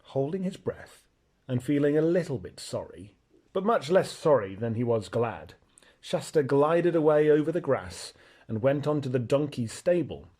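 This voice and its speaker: A man reading a children's novel aloud in an expressive, lively narration. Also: medium pitch, normal speed. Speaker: audiobook reader. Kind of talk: storybook narration.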